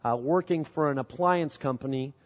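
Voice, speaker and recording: Speaking from a church sanctuary, a middle-aged man from Illinois, USA, preaches as pastor and relates a story in an easy, conversational manner. His pitch runs on the high side, and his pace is moderate. Long church-hall reverb fills the recording.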